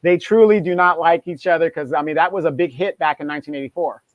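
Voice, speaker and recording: Male co-host, relaxed chatty tone, dry close sound, slightly high voice. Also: quick pace, no echo. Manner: relaxed, offers trivia and corrections. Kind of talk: casual chat.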